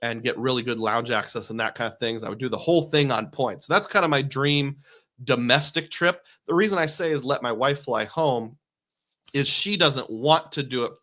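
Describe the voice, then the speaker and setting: Middle-aged male streamer, chatty and rambling, bright voice. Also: mid-range voice, normal speed. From Iowa. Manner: chatty, rambling, answers viewer questions. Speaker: live stream host. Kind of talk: casual live-stream chat.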